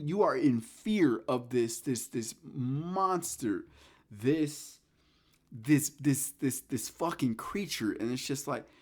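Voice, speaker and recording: Animated, profane male podcast host. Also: medium pitch. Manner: animated, profane, swings from hushed storytelling to loud incredulous rants. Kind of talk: casual solo talk about horror films.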